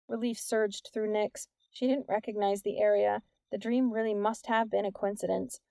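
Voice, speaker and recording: A woman reading an audiobook in a measured, even narration. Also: mid-range voice, creaky, dry recording. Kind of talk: scripted narration.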